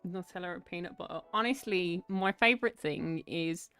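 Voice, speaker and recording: A woman's voice: on the low side, normal speed, bright, forceful tone, smooth, soft background music. A young woman chatting casually during an art livestream, chatty and self-mocking. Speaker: art streamer. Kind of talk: casual chat while drawing on a livestream.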